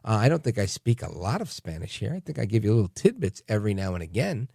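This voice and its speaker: A man hosting a talk radio show, delivering a sarcastic, animated monologue. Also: fairly low pitch, fast, gravelly, breathy edge, dry recording, studio quality. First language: English. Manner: animated and sarcastic, mocking voices in quotes.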